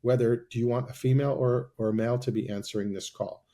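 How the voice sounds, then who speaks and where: A man as a guest on a podcast interview, explaining his company's service in a persuasive sales-pitch way. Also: fairly even intonation, fast talker, mellow.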